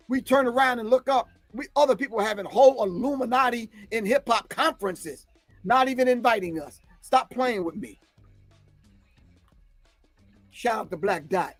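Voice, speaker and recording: Man, high voice, fiery lecturer who scolds the listener and drives each point home by repeating it. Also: no echo. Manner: emphatic, repeats "all right?" and lines for emphasis; scolding, confrontational. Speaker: commentator. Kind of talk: impassioned spoken lecture.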